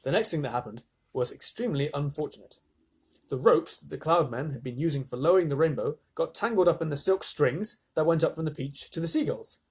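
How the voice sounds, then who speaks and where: A man reading a children's storybook aloud to live listeners, animated, with chatty asides. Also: fairly high pitch, fairly quick, husky.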